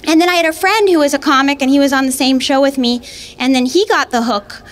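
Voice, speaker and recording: A woman's voice: high voice, fast talker. A woman doing a stand-up routine, conversational and checking in with the crowd. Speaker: stand-up comedian. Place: comedy venue with live audience.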